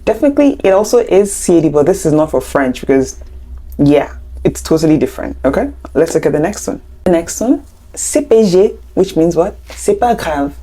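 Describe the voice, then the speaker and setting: Woman, young adult, language teacher, chatty explanations, playful asides, low voice, warm tone. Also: animated, normal speed, breathy edge. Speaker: French teacher. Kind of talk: online language lesson.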